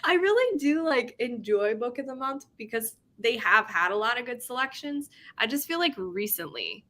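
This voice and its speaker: A woman's voice: on the high side, animated, normal speed, a bit bright. A young woman hosting a casual livestream, chatting in a rambling way, laughing often and reading out chat comments. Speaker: livestream host.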